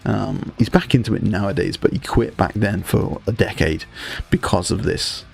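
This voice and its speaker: This hobby streamer is a young man from Britain with a British accent, talking loosely to his viewers, bantering with chat and cursing freely. He speaks at a moderate pace in a fairly low, gravelly, slightly mellow voice over soft background music.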